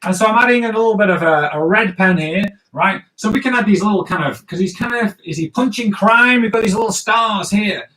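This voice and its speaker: A man's voice: high voice, a little fast, hardly any pauses, bright, forceful tone. A man giving a live comic drawing lesson, playful and jokey, talking straight to the viewers as he draws. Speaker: comics teacher.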